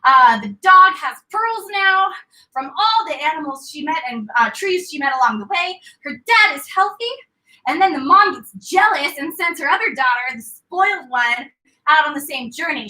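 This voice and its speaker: High bright woman leading a story workout. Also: animated, normal speed, distant mic. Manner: playful storytelling mixed with exercise cues. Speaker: fitness instructor. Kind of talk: story-based workout class cueing. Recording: echoey room, voice from afar.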